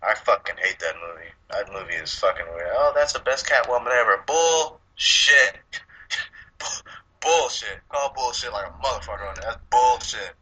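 A man's voice: on the low side, brisk, husky, poor audio. Profane, laughing man chatting about movies. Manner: profane, laughing, animated storytelling. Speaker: podcast co-host. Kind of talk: casual movie chat.

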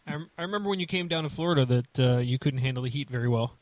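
A man hosting a casual podcast, talking in a rambling way full of fillers and false starts. His voice sits at an ordinary middle pitch, recorded close and dry. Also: very fast, dry recording. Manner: rambling, many restarts and fillers. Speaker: podcast host.

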